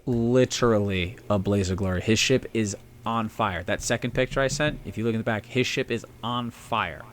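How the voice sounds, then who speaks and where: Man, casual history chat, rambling, profane, lowish voice, faint background noise. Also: normal speed. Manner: rambling, profane, puts on silly shouting voices for historical figures. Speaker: podcast co-host.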